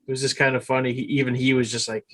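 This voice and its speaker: A man's voice: medium pitch, flat delivery, racing, a bit bright, a little hiss or hum. A man co-hosting a podcast, telling stories in a rambling, casual way with many restarts. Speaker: podcast co-host. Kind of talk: casual chat.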